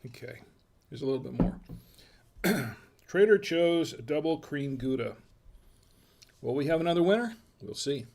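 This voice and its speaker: A man's voice: fairly high pitch, lively intonation, measured pace, gravelly, pauses often, darkish tone, slight background noise. Chatty American man tasting wine. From United States. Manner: chatty, folksy, murmuring while tasting. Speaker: wine review host. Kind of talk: casual tasting chat.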